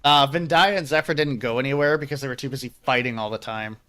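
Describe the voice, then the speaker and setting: A man's voice: mid-range voice, fast, bright, forceful tone, clean tone. A man streaming a game and chatting casually, rambling and self-deprecating, swearing freely. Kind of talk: casual chat.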